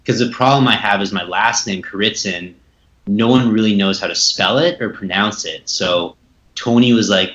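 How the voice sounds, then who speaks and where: A young Canadian man, appearing as a podcast guest, speaks at normal speed in a lowish yet fairly bright voice, chatting casually in interview style with many fillers and repeated words. The audio is echoey, dull, and lo-fi.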